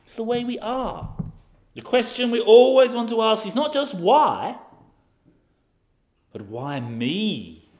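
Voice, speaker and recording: Guy preaching a sermon, kinda high voice, lots of rise and fall, asks the crowd questions. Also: slow pace, long pauses. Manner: animated expository preaching with rhetorical questions.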